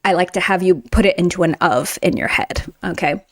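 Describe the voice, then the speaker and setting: A woman's voice: lowish voice, a bit bright. Chatty woman teaching Russian. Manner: chatty, emphatic, reads example sentences slowly. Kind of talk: online language lesson.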